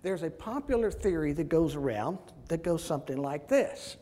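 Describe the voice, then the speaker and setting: A man's voice: a little high, lively intonation, normal speed, few pauses, mellow. A man leading a group Bible discussion, emphatic and calling on class members by name. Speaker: Bible study teacher. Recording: long reverb in a large room.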